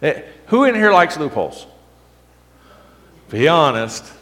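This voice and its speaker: A high-voiced man delivers a sermon to his congregation, his pitch leaping up and down as he makes his points. He keeps asking the room questions and stumbles over his restarts as he goes. His voice rings out with the long reverb of a church hall. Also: slow. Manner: animated, asks the congregation questions, stammers on restarts. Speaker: pastor.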